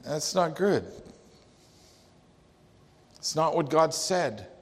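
A man's voice: fairly high pitch, lively intonation, very slow. A male pastor preaching a sermon with emphatic delivery, quoting scripture. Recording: long hall reverb.

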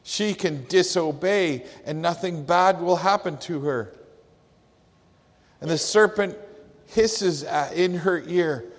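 A man's voice: fairly high pitch, slow. A male pastor preaching a sermon with emphatic delivery, quoting scripture. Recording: long hall reverb.

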